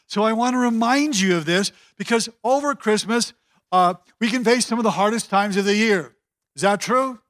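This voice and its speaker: A pastor preaching a sermon, building long cadenced lists and leaning on key words. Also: male voice, sits high, normal speed, fairly bright tone.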